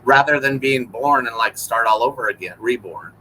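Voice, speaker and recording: A man's voice: medium pitch, sharp tone, slight background noise, poor audio. A man who is a guest on a live stream, talking reflectively and hunting for his words. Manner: searching for words, halting and reflective. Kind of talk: casual live-stream conversation. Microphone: video call.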